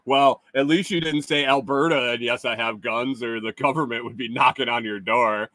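A middle-aged man hosting a casual live stream, reading chat comments aloud and teasing viewers with chuckles and halting restarts. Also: mid-range voice, fairly even intonation, sharp tone, dry recording.

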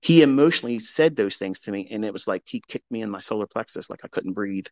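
A man's voice: lowish voice, expressive, fast. A middle-aged man giving a candid motivational talk as a trading mentor, blunt and profane, mixing heavy emphasis with confessional reflection.

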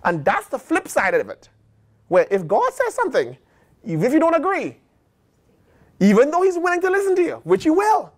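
A man's voice: extremely high pitch, wildly swooping pitch, normal speed. A man with an American accent, a pastor preaching a sermon and acting out the voices of God and the prophets.

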